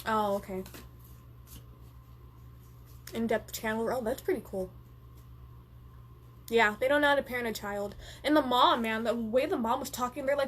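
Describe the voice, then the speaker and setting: A woman's voice: fairly high pitch, moderate pace, slightly rough. A young woman hosting a live stream, chatting casually and swearing freely as she reads viewer comments and answers them. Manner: animated, profane, reads viewer comments aloud.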